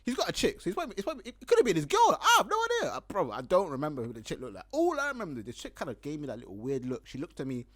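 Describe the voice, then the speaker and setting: A man's voice: on the high side, wildly swooping pitch, rapid-fire, hardly any pauses, a bit bright. A young man with a London accent, hosting a podcast and telling a casual story, acting out his own lines and laughing often. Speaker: podcast host.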